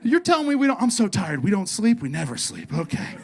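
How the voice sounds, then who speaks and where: Stoned, dazed fish voiced by a male comic in a stand-up bit, pitched way up, loud and incredulous. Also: fairly quick, creaky, full character voice. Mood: stoned amazement. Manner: excited, high-pitched disbelief. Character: stoned, bewildered talking ocean fish.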